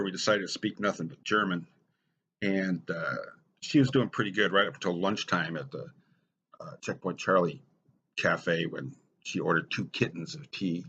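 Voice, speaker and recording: A middle-aged American man telling wry personal stories in a dry, deadpan stand-up style. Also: low-pitched, breathy edge, lo-fi sound. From United States. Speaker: storyteller.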